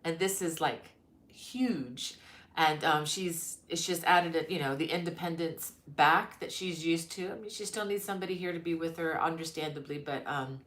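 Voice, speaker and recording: A middle-aged woman with a deep, slightly bright voice hosts a crochet live stream from her mother-in-law's home. She talks at a moderate pace, chatting casually, greeting viewers by name, and saying "um" a lot.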